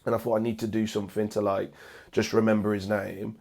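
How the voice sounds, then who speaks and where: A man's voice: lowish voice, little pitch movement, fast talker, vocal fry, darkish tone. A man from England in his thirties, a podcast guest talking hesitantly, with repeated words and fillers, about a painful loss. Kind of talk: emotional casual conversation.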